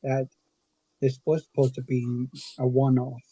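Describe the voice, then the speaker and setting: Dark, husky-voiced man in casual chat. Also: medium pitch, monotone, measured pace, no room sound, poor audio. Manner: brief, matter-of-fact remarks. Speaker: watch-along co-host. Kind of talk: casual chat over a movie.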